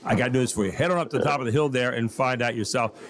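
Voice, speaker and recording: A man's voice: medium pitch, quick pace, slight background noise. A man with a mid-range voice hosts a talk radio show from a downtown studio. He talks in a folksy, upbeat way and rambles through ad reads and promos.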